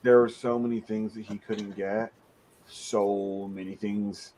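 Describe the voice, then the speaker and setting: A man hosting a casual podcast, telling crude stories full of swearing and jumping into high voices to mimic other people. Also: little pitch movement, unhurried, mellow, slight background noise, rough recording. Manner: profane storytelling, mimicking people in raised voices. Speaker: podcast host.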